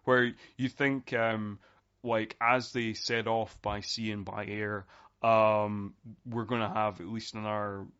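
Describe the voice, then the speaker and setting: A man around forty co-hosting a casual podcast about a movie, rambling through fillers and restarts and growing animated. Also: lowish voice, takes it slowly, clean tone. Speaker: podcast co-host. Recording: dull lo-fi podcast audio.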